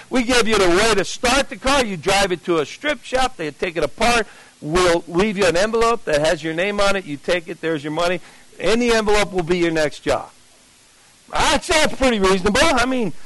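A man's voice: high voice, a bit bright, no echo, rough recording. An older man, telling his life story as a testimony and acting out the voices of the people in it. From New Jersey.

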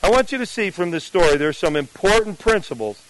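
A man's voice: high voice, quick pace, no room sound, low-quality recording. A man from New Jersey, a pastor, preaching a sermon through a personal story and acting out the dialogue. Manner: storytelling, acts out dialogue with lively shifts.

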